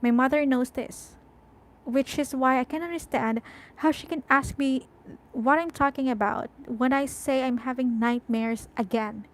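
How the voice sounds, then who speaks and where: A woman reading a first-person novel aloud in a slow, deliberate way. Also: high voice, fairly even intonation, rough recording. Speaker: audiobook reader.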